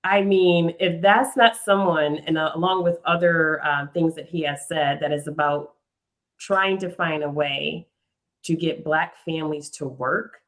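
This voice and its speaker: A woman co-hosting a casual podcast recounts a story at a steady pace. Her voice is notably low for a woman, and she fills pauses with relaxed "um"s and "you know"s. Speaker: podcast co-host.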